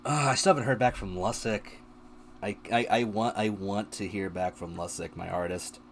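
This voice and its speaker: A man chatting casually as a guest on a live stream, animated and laughing, his voice a little strained. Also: on the low side, moderate pace, slight background noise.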